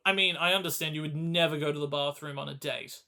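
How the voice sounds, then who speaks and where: A man's voice: fairly high pitch, steady tone, fast talker, pushed and bright. A man co-hosting a podcast in casual chat, sarcastic, laughing often and swearing freely. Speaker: podcast co-host.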